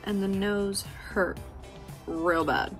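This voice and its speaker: A woman's voice: mid-range voice, drawn-out words, faint music behind. A woman giving a frank, profane, affectionate motivational talk to her viewers, laughing often. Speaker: beauty vlogger. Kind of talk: candid motivational talk to camera.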